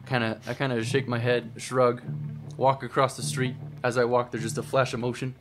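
A man playing a tabletop game, calmly describing his character's moves. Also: medium pitch, normal speed, over music. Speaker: player.

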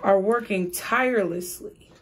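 Tarot reader, woman; slow, measured delivery, repeating spiritual phrases. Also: medium pitch, slight background noise. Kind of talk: tarot reading for viewers.

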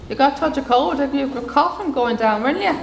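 A woman's voice: sits high, expressive, fast, rough recording. A woman chats while filming at a horse stud, repeating herself and cooing to the horses. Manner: chatty, repeats herself, coos and talks to the horses. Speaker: horse enthusiast vlogger. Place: outdoors at stud stables. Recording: outdoor camera audio with clear background noise. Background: outdoor ambience with horses and birds.

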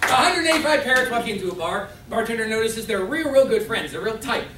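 A man's voice: very high voice, lively intonation, brisk. Improv host man, upbeat punny teller, heard from afar in a roomy room with noise. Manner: upbeat, punny joke-telling to a crowd. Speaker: improv performer and podcast host. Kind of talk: live improv show hosting. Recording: roomy stage sound from a distant mic with noise.

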